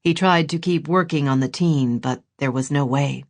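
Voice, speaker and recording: A woman narrating an audiobook in expressive, scripted storytelling. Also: low voice, moderate pace.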